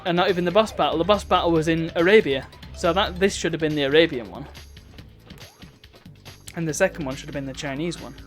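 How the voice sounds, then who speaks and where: Man, streamer, wry gameplay chatter, slightly high voice, faint game music. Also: a little fast. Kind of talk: casual gameplay commentary.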